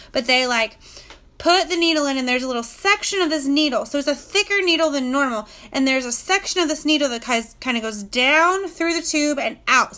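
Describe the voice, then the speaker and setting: A woman's voice: high-pitched, sharp tone. A young woman, telling a personal story to camera in a casual, chatty way, full of "like". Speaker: vlogger.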